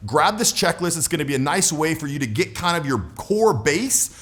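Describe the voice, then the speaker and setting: Animated man coaching with lively pitch. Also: normal speed. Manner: animated, emphatic, direct to viewer. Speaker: social skills coach. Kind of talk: casual YouTube coaching talk.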